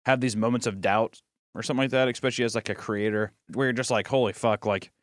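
A man's voice: medium pitch, fast, no echo, clean studio sound. A man who is an animator co-hosting a comedy podcast, telling stories in casual banter and acting out quotes. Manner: animated storyteller, acts out quotes.

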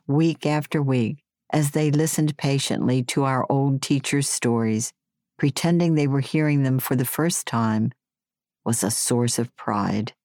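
A woman reading her personal memoir aloud in a wry, gently humorous way. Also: very deep voice, no room sound, clean studio sound. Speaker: memoir narrator.

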